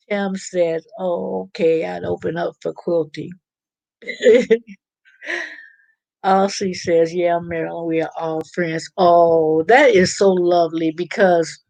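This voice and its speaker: A lowish, a little mellow female voice belongs to a live-stream host who reads viewers' comments aloud in a casual chat. She rambles chattily with plenty of fillers and restarts, and the audio is dry and poor.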